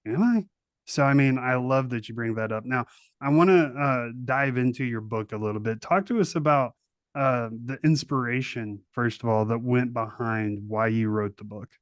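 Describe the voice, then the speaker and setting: Male podcast host, relaxed and slangy, dry close sound. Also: medium pitch, dry recording. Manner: laid-back and slangy, with lots of fillers. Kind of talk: casual interview chat.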